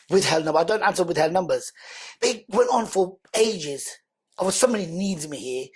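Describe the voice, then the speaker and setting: A man, a podcast guest telling an emotional personal story in an animated, slangy way, repeating words for emphasis. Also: high voice, brisk, slightly rough.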